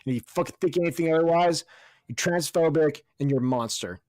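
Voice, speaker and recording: A man's voice: on the high side, a little fast, darkish tone, dry recording. A man co-hosting a casual sports podcast, jokey and laughing often, with some swearing. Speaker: podcast co-host.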